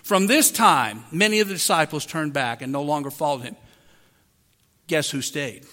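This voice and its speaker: A man with a high, bright voice delivers an emphatic sermon, pausing to ask the congregation questions. His words ring out through a large, reverberant hall. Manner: emphatic preaching with rhetorical questions to the listeners. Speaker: pastor.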